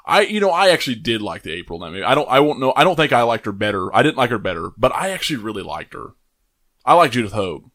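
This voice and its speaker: Bright-voiced man chatting casually. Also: mid-range voice, very animated, quick pace. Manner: swears, laughs often. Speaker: podcast co-host. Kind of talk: casual movie chat.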